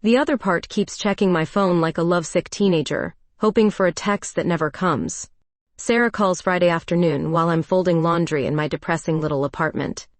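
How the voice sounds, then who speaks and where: Low-voiced woman narrating a story. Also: brisk, no echo. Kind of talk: first-person story narration.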